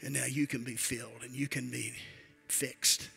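Gravelly older male preacher, bright edge. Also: medium pitch, little pitch movement, moderate pace, faint music behind. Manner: preacher's cadence, swinging between quiet asides and loud emphatic build-ups. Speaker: bishop preaching. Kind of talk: sermon.

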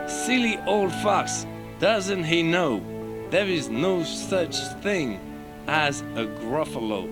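French-accented man reading a storybook. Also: a little high. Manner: laughing, playful, animated reading. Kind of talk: reading a children's story aloud. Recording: radio broadcast clip with music under it.

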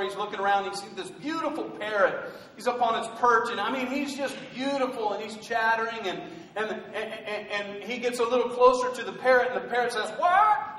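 A man's voice: sits high, a bit bright. A male pastor preaching a rousing sermon, asking the congregation rhetorical questions. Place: large church hall. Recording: echoey hall from far off.

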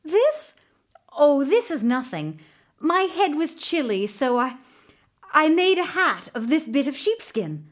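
A woman's voice: high voice, animated, measured pace, voice pushed up. A woman voicing a nervous, eager young boy hero in a storybook reading.

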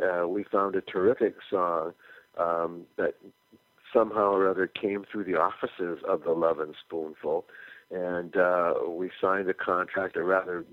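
Older male musician from California, deep voice, lively anecdotal storyteller, dry phone-line interview sound. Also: no echo. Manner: animated anecdotal storyteller, acts out quoted dialogue. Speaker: musician guest.

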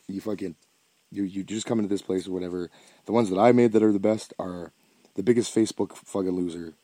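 A man's voice: deep voice, dark tone, no room sound. A man hosting a solo podcast, rambling with constant swearing, frequent restarts and bursts of laughter, and sounding stoned. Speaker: podcast host.

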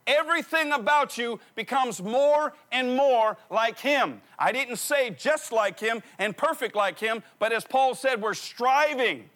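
A middle-aged man preaching a sermon, telling stories with animated repetition of key phrases. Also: very high voice, measured pace, hardly any pauses. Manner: animated storytelling, repeats phrases for emphasis. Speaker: pastor.

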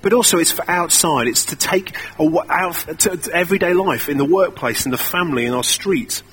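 A man's voice: fairly high pitch, brisk, a bit bright, husky. A young man preaching a sermon in a conversational, self-deprecating storytelling way.

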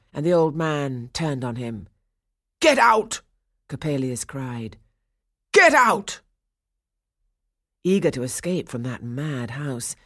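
A woman narrating a ballet storybook in a measured, expressive way. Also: low-pitched, dry recording, clean studio sound.

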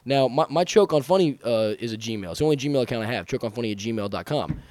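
Man, podcast co-host, rapid rambling storytelling, profane, self-mocking, dry close sound. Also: medium pitch, animated, darkish tone, no room sound. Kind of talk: casual comedic storytelling.

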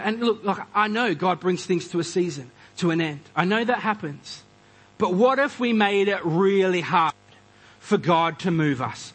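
A man delivers a lively, conversational sermon. His voice sits a little high for a man and has a husky edge. He swings between punchy build-ups and quieter asides. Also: unhurried, poor audio. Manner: animated, conversational preaching with quoted voices. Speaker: pastor.

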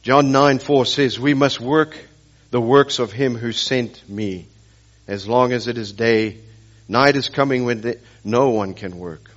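A man's voice: medium pitch, unhurried, dull audio. A man preaching a sermon as pastor, telling stories and pressing the congregation with rhetorical questions and emphatic repetition.

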